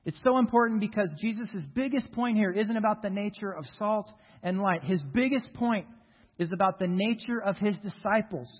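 High-voiced American pastor preaching in a hall. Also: male voice, slightly rough. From United States. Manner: earnest, emphatic preaching with slow stressed phrases. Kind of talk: sermon. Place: church sanctuary. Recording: reverberant hall, dull lo-fi sound.

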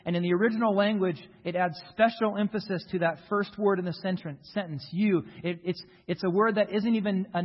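American man, pastor, high voice, earnest emphatic sermon, echoing church hall, dull lo-fi sound. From United States. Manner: earnest, emphatic preaching with slow stressed phrases. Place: church sanctuary.

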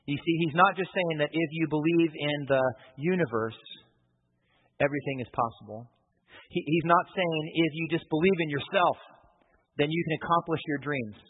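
Guy preaching, chatty, asks the room stuff, husky, echoey hall, sounds like a phone line. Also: a little high. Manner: conversational, checks in with listeners. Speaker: pastor. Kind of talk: sermon. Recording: phone-like, long reverb hall.

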